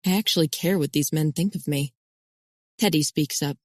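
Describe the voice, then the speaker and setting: Low-voiced woman narrating an audiobook. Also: moderate pace, no room sound, studio quality. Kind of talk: first-person audiobook narration.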